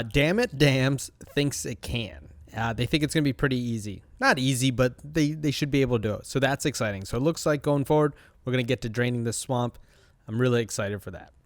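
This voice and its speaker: A man's voice: mid-range voice, no echo. Chatty man rambling through a show recap. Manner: chatty, rambling, with many fillers. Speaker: host. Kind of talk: casual episode recap.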